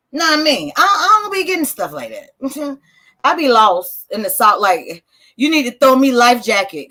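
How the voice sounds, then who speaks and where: Lady streamer just rambling to chat, swears a lot, kinda high sharp voice. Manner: rambling, profane, answers viewer chat. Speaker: livestream host. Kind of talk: casual livestream chat.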